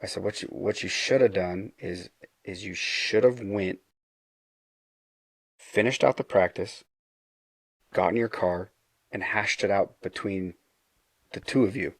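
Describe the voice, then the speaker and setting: Middle-aged man, husky low voice, earnest storyteller, dry close mic. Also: a little slow, pauses often, no echo. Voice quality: low gravelly voice. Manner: earnest, retelling dialogue with frequent restarts. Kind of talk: casual storytelling.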